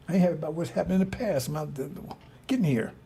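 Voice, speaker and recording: Gravelly, husky man preaching casually. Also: on the high side, racing, dark tone. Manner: rambling, repetitive, blunt and profane. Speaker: religious commentator.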